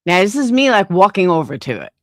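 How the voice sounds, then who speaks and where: A woman's voice: on the low side, sing-song, quick pace, no room sound, clean studio sound. A middle-aged woman hosting a livestream, telling a story in casual chat and swearing a lot. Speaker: livestream host.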